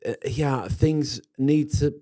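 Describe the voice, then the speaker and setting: A man's voice: medium pitch, slow, warm tone. A man co-hosting a garden show, chatting casually, teasing and restarting his sentences. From London. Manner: jokey, teasing, restarts often. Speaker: garden show co-host, designer. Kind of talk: casual podcast banter.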